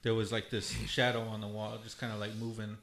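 A man on a casual podcast telling a childhood story, animated and swearing a lot. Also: fairly low pitch, brisk, a little hiss or hum. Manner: animated, swears a lot, laughs through stories.

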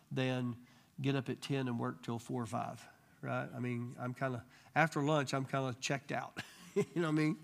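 A man teaching a Bible study to a live group, telling stories in a casual, animated way and acting out the people he quotes. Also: medium pitch, vocal fry. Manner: animated storyteller, acts out quoted voices. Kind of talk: casual church teaching with storytelling.

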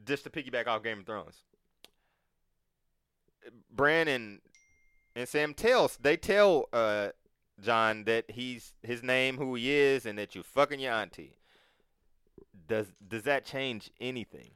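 A man in casual chat, talking in an animated, profane way and acting out quotes. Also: medium pitch, slow pace, long pauses, smooth, no room sound, studio quality.

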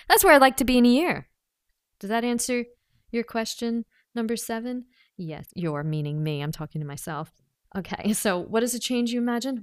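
Woman, personal coach, lowish voice, dry close sound, chatty, thinks aloud, laughs a lot. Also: smooth, dry recording. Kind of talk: casual self-coaching vlog, reading questions aloud.

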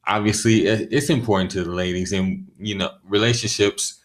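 A man's voice: lowish voice, fairly even intonation, moderate pace. A man hosting a podcast, steadily leading the talk and asking questions. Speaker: podcast host. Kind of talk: casual chat.

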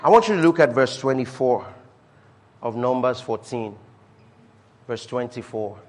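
The sermon comes from a pastor with an expressive, mid-range voice at a measured pace, with a little hiss or hum in the recording. He preaches emphatically, using refrains and alternating loud declarations with quiet asides.

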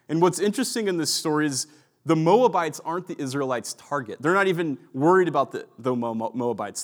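Chatty preacher man, everyday tone. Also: fairly high pitch. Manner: conversational storytelling with many likes and asides. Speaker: pastor. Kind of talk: sermon.

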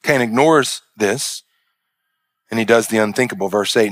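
A man's voice: fairly low pitch, normal speed, pauses often, dry recording. A male pastor preaching a sermon with emphatic delivery and repeated parallel phrases.

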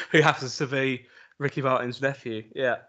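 A man's voice: mid-range voice, steady tone, measured pace, sharp tone. A man hosting a casual podcast, with dry, teasing banter toward his co-host. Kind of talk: casual chat.

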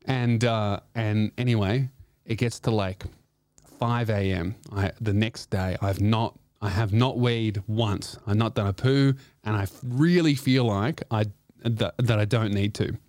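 A man's voice: fairly low pitch, measured pace, a little mellow, dry recording. A man who is a comedian and podcast host, telling a profane, rambling comic story full of restarts.

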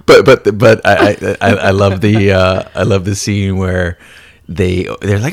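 A man's voice: sits low, measured pace, gravelly. A man chatting casually about a film, acting out scenes and swearing freely as he stumbles over his words. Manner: animated, acts out scenes in put-on voices.

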